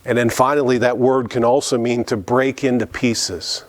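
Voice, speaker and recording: A man's voice: mid-range voice, little pitch movement, moderate pace. A man pastor preaching an earnest sermon in church, often repeating words and restarting phrases.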